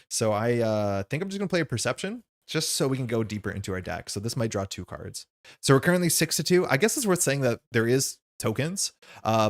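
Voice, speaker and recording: A man playing a card game on stream, thinking aloud as he explains the rules and his choices in a casual way. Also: medium pitch.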